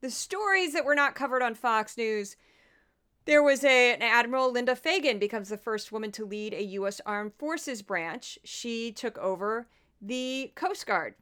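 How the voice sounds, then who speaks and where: Casting: woman podcast host, sarcastic and chatty, smooth higher voice. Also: animated, a little slow, fairly bright tone. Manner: chatty, sarcastic, laughs often. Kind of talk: casual commentary.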